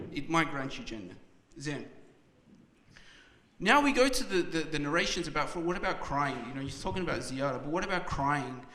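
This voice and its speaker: A man with a sharp-toned voice on the high side gives a passionate, emotional sermon at a community religious program, often restarting his words. The large hall adds echoey reverb.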